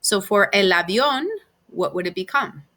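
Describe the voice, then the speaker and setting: Bright-voiced woman teaching a class. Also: medium pitch, animated, moderate pace. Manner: patient, explains step by step with examples. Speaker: Spanish teacher. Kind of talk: recorded class lecture.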